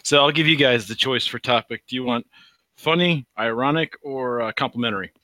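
A man's voice: mid-range voice, a little fast, pushed and bright, no room sound. A man in his forties calling in to a show and telling a story about his mother, laughing at his own jokes. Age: 40s. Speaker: caller. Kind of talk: casual call-in chat. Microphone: call over voice chat.

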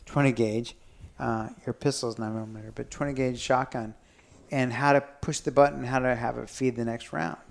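A man's voice: mid-range voice, fairly even intonation, moderate pace, gravelly, few pauses. A man telling a family story in casual chat, teasing and rambling as he goes.

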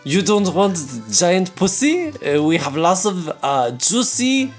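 Woman playing a low-voiced frenchman with a fake french accent, crude, pushy, leering. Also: very animated, slow, faint music behind. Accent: put-on French.

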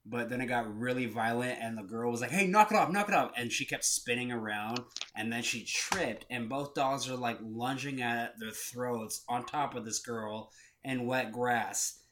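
A young man co-hosting a casual podcast, with a bright, ringing tone. He rambles through stories and acts out the voices of the people in them. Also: medium pitch, a little slow. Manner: rambling, animated storytelling, acting out voices. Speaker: podcast co-host. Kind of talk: casual storytelling chat.

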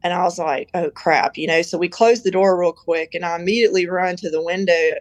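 A woman's voice: lowish voice, fairly even intonation, quick pace, no room sound, rough recording. A woman on a podcast as a guest, telling a personal story in a chatty, rambling way with lots of "you know" and "like". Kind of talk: casual storytelling.

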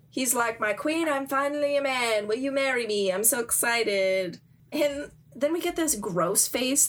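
A woman in casual chat, animatedly retelling a story and acting out the characters' lines. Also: mid-range voice. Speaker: podcast co-host recapping a comic.

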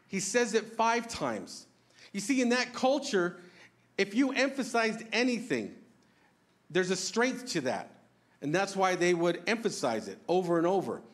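High-voiced man preaching earnestly. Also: big pitch swings, measured pace. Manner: earnest, conversational preaching with rhetorical questions; self-deprecating humor. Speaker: pastor. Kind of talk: sermon.

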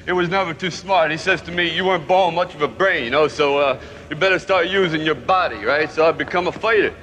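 An actor playing a halting, mumbling young boxer. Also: male voice, fairly high pitch, a bit bright, a little hiss or hum, lightly acted. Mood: bashful. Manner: halting, mumbled, working-class speech. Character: shy, slow-witted young male boxer. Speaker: boxer in a film scene.

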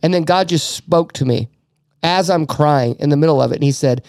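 A man's voice: a little high, a little fast, darkish tone, no echo, studio quality. Earnest man telling a faith story. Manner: earnest, emotional storytelling with many restarts. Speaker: podcast host. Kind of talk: casual faith talk.

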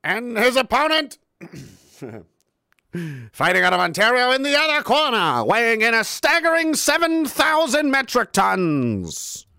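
A booming, old-fashioned boxing ring announcer, as a man puts him on for laughs. He belts out his lines in a high, theatrical 1950s radio style, stretching each word. The delivery is loud and dry, with no room sound around it. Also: sing-song, measured pace, creaky, clean tone, no room sound, heavily acted. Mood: hyping. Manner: hyping up a fighter with mock titles.

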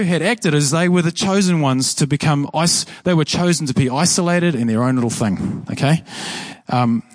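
A man delivers a sermon in a loose, conversational way, circling back and repeating key phrases for emphasis. His voice sits a little higher than most men's. It is recorded close and dry, with little room sound. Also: no echo. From New Zealand. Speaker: pastor. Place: church.

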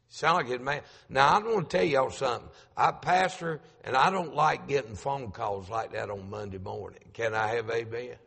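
A man's voice: fairly high pitch, gravelly, sharp tone, breathy edge, big-room sound. A middle-aged man, a pastor telling a story in a sermon, acting out the voices he quotes and repeating lines for emphasis. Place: church sanctuary.

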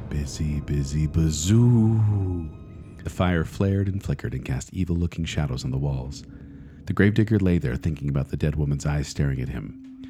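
A man reads a spooky children's tale aloud in a deep, mellow voice. He takes it slowly and deliberately, building suspense line by line, like a host reading to his co-hosts. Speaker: podcast host. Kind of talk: dramatic storybook reading.

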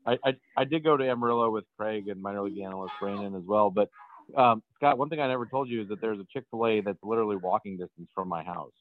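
A man's voice: fairly low pitch, quick pace, phone-quality sound, a little hiss or hum. A man from Wisconsin with a Wisconsin accent, co-hosting a podcast in a casual, chatty way and laughing often. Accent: Upper Midwest, Wisconsin. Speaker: podcast co-host. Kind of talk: casual chat.

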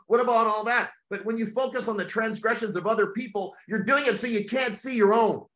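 A man's voice: high voice, a bit bright, reverberant. A man hosting a podcast, giving a blunt, profane, hectoring motivational monologue. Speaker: podcast host.

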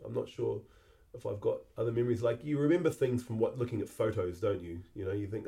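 A middle-aged man, hosting a podcast and telling a personal memory in a halting, reflective way that often repeats words. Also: on the low side, animated, creaky, dark tone. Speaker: podcast host.

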